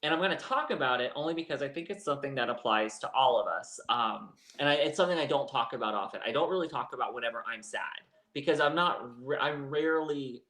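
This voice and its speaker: Man, co-host, casual chat, candid rambling storytelling, mid pitch, roomy echo. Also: lively intonation, fast, hardly any pauses, bright, forceful tone.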